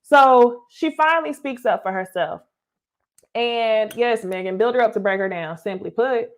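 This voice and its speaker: A woman's voice: on the high side, normal speed. A young adult woman, giving a blunt, casual recap commentary, swearing and calling her viewers y'all. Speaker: reality TV commentator.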